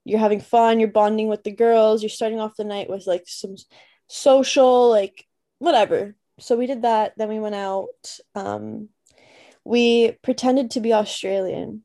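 A woman's voice: a little high, steady tone, a little slow, warm tone. A young woman podcast co-host from Canada, chatting casually and telling a story with lots of fillers. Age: young adult.

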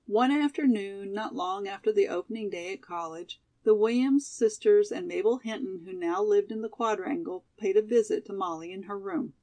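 Brief: woman narrator, steady audiobook reading, some fry in the voice. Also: mid-range voice, normal speed, few pauses. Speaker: audiobook reader. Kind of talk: scripted narration of a classic novel.

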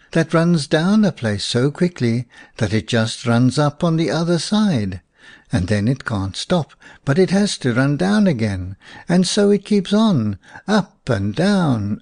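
A man's voice: fairly high pitch, a little mellow, heavily acted. A man doing a sly old storyteller, Outa. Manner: drawling folksy speech with Afrikaans words.

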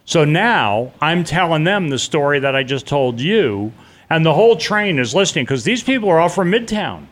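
A man's voice: fairly high pitch, very animated, normal speed, a bit bright. A middle-aged man telling a personal story in a casual, vivid way as an interview guest, acting out the voices of the people he quotes.

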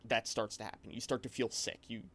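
A man's voice: lowish voice, brisk. Rambling man retelling a game session. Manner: rambling, animated storytelling with many restarts. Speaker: game master. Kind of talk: casual chat.

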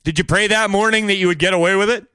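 A man with a high, tense, bright voice delivers an opinionated solo commentary. He needles his audience with sarcastic rhetorical questions and mocking asides. The sound is close and dry, with no room around it. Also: fast, clear, resonant tone, no echo. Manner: bursts into exaggerated shouted impressions. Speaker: podcast host.

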